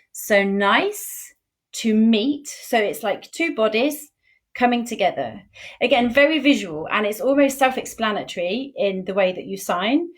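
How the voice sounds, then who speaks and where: A woman with a British accent teaching a beginner sign language lesson, explaining slowly and patiently with an expressive voice. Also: mid-range voice. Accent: British English. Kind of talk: informal teaching video.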